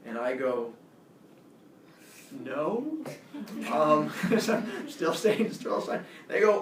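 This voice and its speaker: A young man with a slightly raised pitch recounts a story in a casual, animated way, acting out the people in it. He sounds a little distant from the mic in an echoey room, with faint ambience behind him. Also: slow pace, pauses often, a little hiss or hum. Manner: animated, acts out quoted voices. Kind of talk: casual anecdote.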